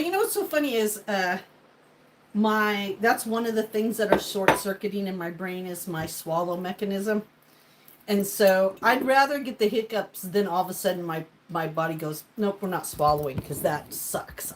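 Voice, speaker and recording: A woman's voice: medium pitch, a little hiss or hum, poor audio. Chatty woman cooking on a livestream. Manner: chatty and rambling, talks to viewers and to her food. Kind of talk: casual live-stream cooking chat. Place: home kitchen.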